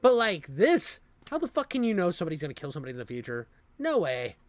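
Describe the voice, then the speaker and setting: A man's voice: fairly high pitch, wildly swooping pitch, quick pace, no echo. Incredulous young man reacting, dry sound. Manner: incredulous, swears, laughs in disbelief. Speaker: streamer reacting to a video. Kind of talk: casual reaction commentary.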